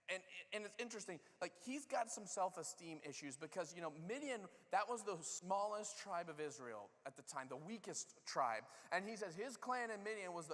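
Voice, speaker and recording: A middle-aged man preaches in a relaxed, joking way, full of asides to the congregation. His voice sits a little high for a man. A long reverb from the church hall hangs behind each phrase. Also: brisk, few pauses. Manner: casual, joking storyteller with asides. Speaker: pastor. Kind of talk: sermon. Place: church sanctuary.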